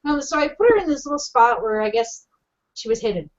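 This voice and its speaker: High-voiced woman telling a crude story. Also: brisk. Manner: animated, laughing, crude humor. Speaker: podcast co-host. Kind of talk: casual storytelling chat. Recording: dull lo-fi podcast audio.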